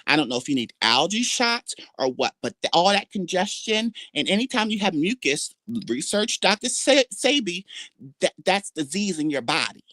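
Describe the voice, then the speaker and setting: A woman's voice: big pitch swings, normal speed, a bit bright, dry recording, studio quality. Brash trash-talking woman livestreamer. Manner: brash, trash-talking, drawls and swings pitch for emphasis. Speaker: livestream host. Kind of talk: casual livestream commentary.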